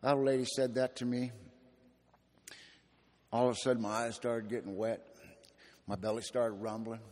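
A man's voice: medium pitch, little pitch movement, normal speed, darkish tone. A man speaking at a recovery meeting, telling his story with gritty slang and dry humor. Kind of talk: personal testimony talk. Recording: echoey hall.

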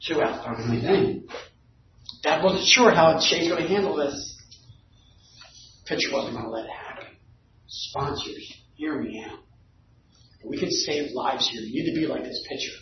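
A high-voiced man tells a recovery group an animated story at normal speed, with vocal fry and long pauses, rising to a shout at the climax. The distant, dull mic picks him up across an echoey meeting room with a faint hum of ambience.

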